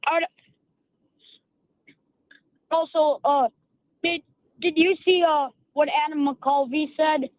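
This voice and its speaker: Halting high-voiced male caller on a phone line. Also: fairly even intonation, no echo. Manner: halting, stop-start sentences. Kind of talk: phone-in sports chat.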